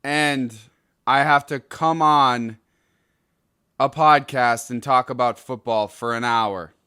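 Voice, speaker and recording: A young man hosts a solo podcast, ranting in anger and exasperation with sudden jumps into loud outbursts. His mid-range voice is smooth and clear with fairly even intonation, and he speaks slowly. The recording is dry, close on the mic, with no echo.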